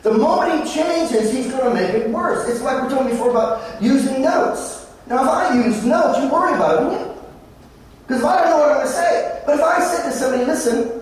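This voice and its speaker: A man's voice: very high voice, brisk. A middle-aged Australian man giving a conference presentation, telling jokey anecdotes to make his points. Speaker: conference speaker. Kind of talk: motivational presentation. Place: large conference hall. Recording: echoey hall from far off.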